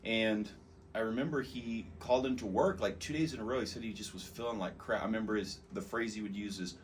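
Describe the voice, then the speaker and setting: Low-voiced Texan man telling a story. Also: fast talker. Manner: conversational, rambling, with fillers. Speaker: podcast host. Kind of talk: casual personal storytelling. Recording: distant mic with background noise.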